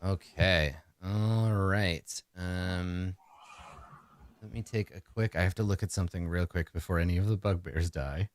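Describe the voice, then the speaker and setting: A man narrating a tabletop game as game master, halting with many fillers and frequent chuckles. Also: low voice, fairly even intonation.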